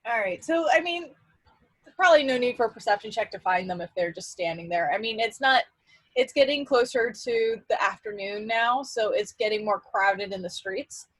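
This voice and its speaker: Woman game master, husky and dry, relaxed and chatty. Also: fairly high pitch, normal speed, no echo, rough recording. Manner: relaxed, hedging with "I mean" and "like". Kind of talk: narrating a tabletop game over a call.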